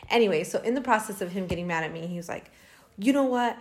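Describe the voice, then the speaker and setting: A woman in her thirties co-hosting a casual podcast, talking at an even middle pitch. She tells her stories in a chatty way and often laughs mid-sentence. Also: quick pace. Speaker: podcast co-host. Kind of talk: casual chat, storytelling.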